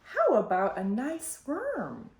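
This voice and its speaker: A woman voicing a doting, easily flustered mother toad in a bright, fluttery motherly voice. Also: a little high, wildly swooping pitch, slow pace, full character voice. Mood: pleased. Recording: roomy echo.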